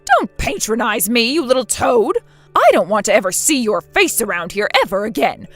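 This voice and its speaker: A woman voicing a spiteful, domineering older mother-in-law in a scripted text-message drama, scolding harshly and loudly. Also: fairly high pitch, very animated, normal speed, no room sound, soft background music.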